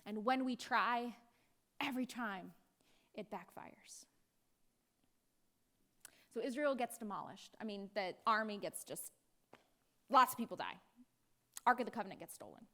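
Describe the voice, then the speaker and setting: A woman's voice: mid-range voice, animated, a little slow, long pauses, a bit bright. An American woman pastor preaching a sermon in a playful way, acting out voices now and then. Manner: playful, acts out voices with laughs.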